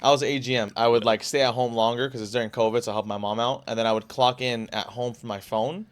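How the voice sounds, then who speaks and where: Rapid-fire rambling young man. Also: medium pitch, fairly even intonation, clear, resonant tone. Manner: rapid, rambling, full of "like" and restarts. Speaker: podcast guest, car salesman. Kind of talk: casual storytelling.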